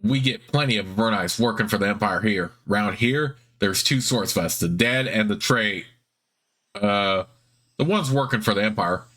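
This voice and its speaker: A man's voice: on the low side, moderate pace, sharp tone. A man voicing a wary, bitter male shopkeeper in a role-playing game, curt and guarded.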